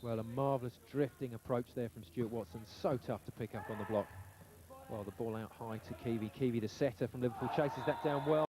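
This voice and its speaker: A man calling live play-by-play sports commentary in brisk, excited calls. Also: medium pitch, a crowd in the background. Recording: old TV broadcast with audible noise.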